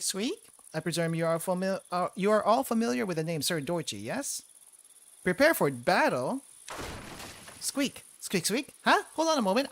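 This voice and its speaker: A man voicing a remorseful male mouse count, reading game dialogue in a stiff, formal way, breaking into little squeaks. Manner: stiff old-fashioned formal speech punctuated by squeaks.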